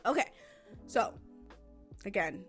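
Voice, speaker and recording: A woman hosts a parenting podcast in an easy, conversational way. Her voice sits at an ordinary middle pitch. She keeps checking in with a quick "right?" and sounds earnest and reassuring as she explains. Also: expressive, soft background music. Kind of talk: casual teaching talk.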